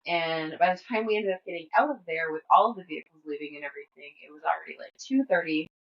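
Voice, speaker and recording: A woman's voice: low-pitched, fast, dull audio. A woman in her thirties, a podcast host, talking through her day in a rambling, casual diary style with lots of fillers. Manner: rambling, chatty, with frequent fillers and laughs. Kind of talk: casual personal diary monologue.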